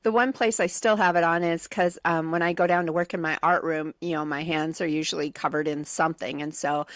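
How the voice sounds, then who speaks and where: A woman's voice: low-pitched, steady tone, brisk, dry recording, studio quality. A woman co-hosting a morning radio show, talking casually with many ums and a wry humor. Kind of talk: casual on-air banter.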